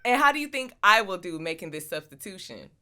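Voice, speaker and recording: A woman's voice: medium pitch, sing-song, a little fast, pushed and bright, a little hiss or hum. A woman hosting a casual podcast chat, asking playful questions and laughing a lot. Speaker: podcast host.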